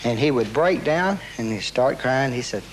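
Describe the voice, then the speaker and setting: A man's voice: mid-range voice, normal speed, a little hiss or hum, poor audio. Man retelling a story with heavy quoting. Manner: animated retelling, heavy quoting, repeats and restarts, swears. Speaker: interviewee. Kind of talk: casual storytelling interview.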